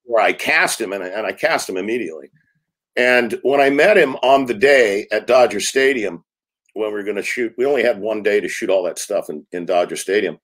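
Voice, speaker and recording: A man in his sixties, a film director, telling lively anecdotes in an interview and acting out quotes. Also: fairly low pitch, fairly quick. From United States. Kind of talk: storytelling interview talk.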